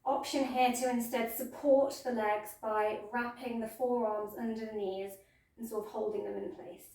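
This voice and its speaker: A woman's voice: on the high side, little pitch movement, normal speed, gravelly, far from the mic. Yoga teacher woman, echoey room. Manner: gentle, playful step-by-step cueing. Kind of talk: guided yoga class instruction.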